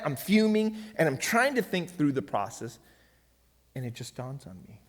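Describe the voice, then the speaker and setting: A man's voice: on the high side, very animated, moderate pace. A middle-aged man giving a church finance seminar in an emphatic way, often checking in with his audience. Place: church hall. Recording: long reverb of a church hall.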